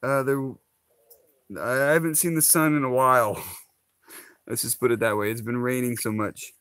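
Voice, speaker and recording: A man's voice: medium pitch, fairly even intonation, moderate pace, fairly bright tone, no room sound. A man from Hawaii, chatting casually to his viewers, laughing often and rambling with lots of fillers. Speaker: vlogger. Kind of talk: casual chat to camera.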